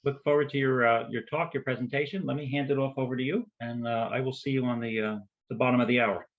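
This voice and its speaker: A man hosting a conference and introducing the next speaker, halting with many fillers. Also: medium pitch, steady tone. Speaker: conference host. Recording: dull lo-fi audio.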